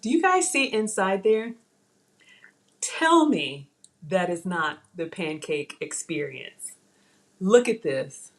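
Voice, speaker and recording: A woman chatting to viewers in a live cooking demonstration, excitable and talking straight to them. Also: lowish voice, takes it slowly, pauses often. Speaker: cooking vlogger. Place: home kitchen.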